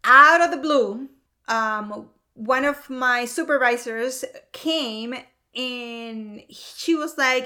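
A woman with a high, bright voice tells a personal story of faith with warmth. She speaks earnestly and with feeling, and little laughs break through her words. She is a young adult and a mother of two. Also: extremely slow.

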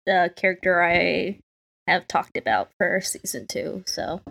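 A woman's voice: lowish voice, expressive, measured pace, vocal fry, fairly bright tone. A woman chatting casually as a player in a tabletop game, talking with lots of fillers. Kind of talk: casual chat while playing.

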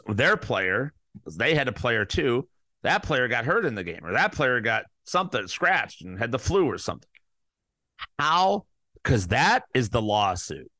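A man hosting a podcast, ranting in a profane, heated monologue that jumps to loud peaks. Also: medium pitch, no echo, studio quality. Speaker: podcast host.

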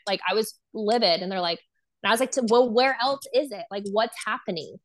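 Speaking quickly in a mid-range voice, this young woman is a guest recounting something that happened to her. She's relaxed and leans heavily on fillers, performing the lines of dialogue she quotes.

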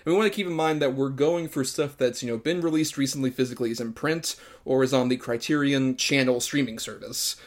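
A man hosting a podcast in casual chat, easygoing and quick to laugh. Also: mid-range voice, fairly even intonation. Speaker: podcast host.

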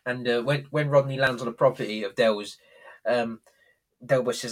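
A man's voice: medium pitch, fairly even intonation, brisk. A young man co-hosting a podcast, chatting casually and enthusiastically, retelling scenes with acted-out quotes and frequent laughter. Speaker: podcast co-host.

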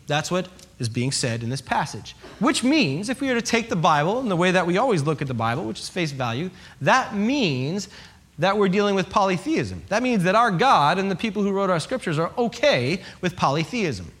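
A man's voice: on the high side, big pitch swings, normal speed, fairly bright tone. A man preaching a sermon, telling stories in a humorous, conversational way and checking in with his listeners. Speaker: pastor.

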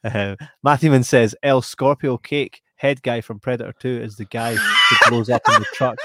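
A Scottish man hosting a podcast, lively and quick to laugh as he reads viewer comments aloud. His voice sits at an ordinary middle pitch. The sound is dry and close, with no room around it. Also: no room sound. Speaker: podcast host. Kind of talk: casual chat.

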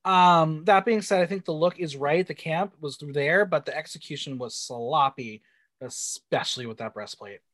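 A man's voice: fairly high pitch, normal speed, fairly bright tone, dry recording. A man co-hosting a casual podcast, recapping a drag show and reading out the judges' critiques with sass. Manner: reads out judges' critiques, sassy. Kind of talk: casual chat.

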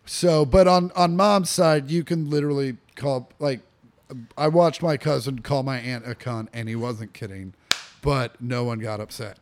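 A man's voice: medium pitch, steady tone, unhurried, a little hiss or hum. A young man co-hosting a casual podcast from a living room, rambling with lots of fillers, restarts and swearing. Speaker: podcast co-host.

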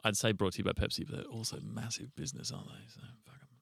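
A man's voice: lowish voice, animated, very fast, creaky, husky, no room sound. Male podcast co-host, wisecracking and profane, very dry mic. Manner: joking, swears freely. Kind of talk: casual banter.

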